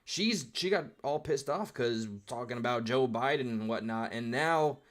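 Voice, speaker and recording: A man's voice: mid-range voice, normal speed, fairly bright tone. A male streamer giving live commentary on a clip in a rambling, reflective style, with casual swearing.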